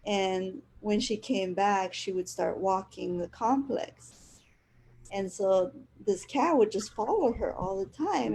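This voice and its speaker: A woman's voice: medium pitch, slow pace, vocal fry, warm tone, slight background noise. A woman hosting a casual spiritual chat, telling a rambling personal story and laughing often. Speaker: host.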